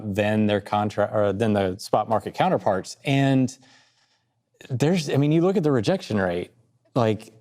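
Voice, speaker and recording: A man co-hosting a podcast, talking through market charts in a casual, quick, joking way. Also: mid-range voice. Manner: quick, joking, lively, laughs between points. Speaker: podcast co-host. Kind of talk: casual market analysis chat.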